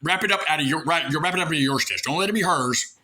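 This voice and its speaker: Sharp-voiced sarcastic ranting man. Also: fairly high pitch, fast talker. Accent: rural American. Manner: folksy, coarse talk. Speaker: vlogger airing grievances. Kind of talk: rambling monologue to camera.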